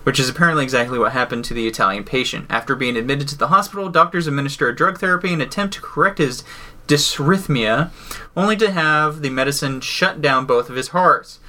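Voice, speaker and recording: A man's voice: medium pitch, fast talker, bright, forceful tone. A man co-hosting a casual podcast, reading news items aloud and riffing on them with jokes and swearing. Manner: jokey, swears, reads news then riffs. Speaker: podcast co-host.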